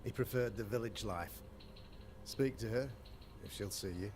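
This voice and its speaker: A man voicing a pompous, courtly colonial governor in a story game, with a lowish voice and flowery formal speech. Steady ambient noise runs under the game audio. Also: moderate pace, natural voice. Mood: stately. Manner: formal, long-winded and courtly. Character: pompous middle-aged male colonial governor.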